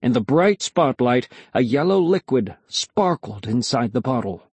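A man narrating a storybook in a measured, expressive way. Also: mid-range voice, husky, no echo.

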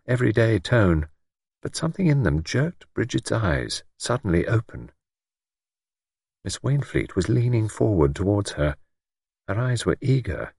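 Male narrator, audiobook reading, expressive, husky timbre, dry close recording. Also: on the low side, no room sound. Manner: measured, expressive storytelling.

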